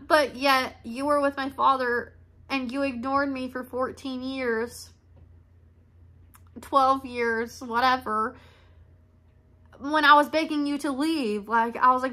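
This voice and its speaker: A woman's voice: sits high, takes it slowly, pauses often, pushed and bright. A young woman venting in a candid, emotional monologue, blunt and swearing freely. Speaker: podcast host.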